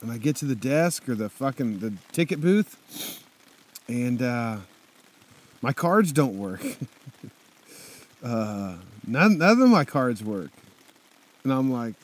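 A man's voice: mid-range voice, big pitch swings, slow pace, long pauses. A young man casually telling a motorcycle trip story, laid-back and swearing constantly, with lots of fillers.

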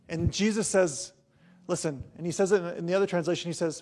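A man's voice: high-pitched, a little fast, a little mellow. A middle-aged male pastor giving a conversational sermon, telling a story with chatty personal asides.

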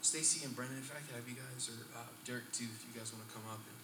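A man preaching a sermon to a live gathering. He reads scripture aloud and builds to loud, emphatic peaks. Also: mid-range voice, fairly even intonation, quick pace, background noise. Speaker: pastor. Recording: roomy hall, distant mic, live guitar behind. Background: soft guitar playing.

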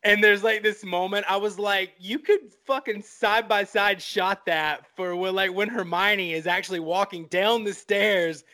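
A man's voice: high voice, a little slow, few pauses, pushed and bright. A man co-hosting a film podcast, rambling enthusiastically with many fillers. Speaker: podcast co-host. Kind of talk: casual film podcast chat.

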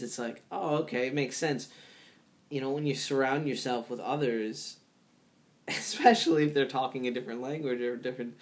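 A man hosting a podcast solo, chatting in a rambling, loose way full of fillers and restarts, laughing at his own remarks. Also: mid-range voice. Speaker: podcast host. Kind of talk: casual solo podcast talk.

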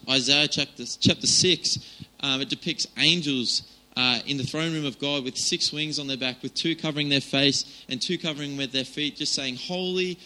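A man's voice: mid-range voice, sharp tone, poor audio. A man giving an informal, chatty sermon, with many fillers and restarts. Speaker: preacher.

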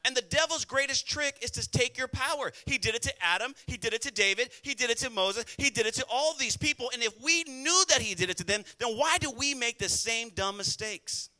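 Bright, high-voiced preaching pastor. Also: male voice, expressive. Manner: emphatic preaching with call-and-response to the congregation; rapid, conversational delivery. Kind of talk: sermon.

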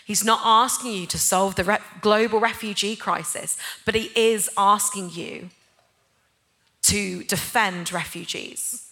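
A woman preaches to a church gathering in a bright, crisp voice. Her delivery is personal and conversational, and at times it builds into impassioned, emphatic appeals. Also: mid-range voice, steady tone, measured pace. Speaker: church speaker, head of a neighbour-love ministry. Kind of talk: sermon.

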